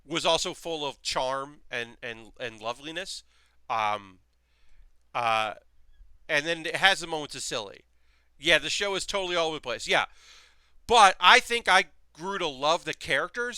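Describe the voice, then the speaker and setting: A man's voice: on the high side, bright, forceful tone, clear, resonant tone, no room sound. A man hosting a live stream in casual, rambling chat, reading messages from his chat aloud as he builds model kits.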